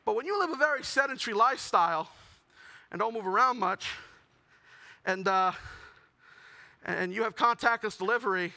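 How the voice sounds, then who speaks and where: A young man performing a self-mocking stand-up comedy set, building to shouted punchlines. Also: high voice, expressive, moderate pace, gravelly, long pauses. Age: young adult.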